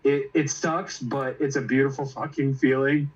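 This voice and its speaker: A man's voice: medium pitch, steady tone, moderate pace, slightly rough. Young man on a dull lo-fi stream mic. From Italian heritage. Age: young adult. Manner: enthusiastic, swears casually. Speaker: co-host. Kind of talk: casual chat.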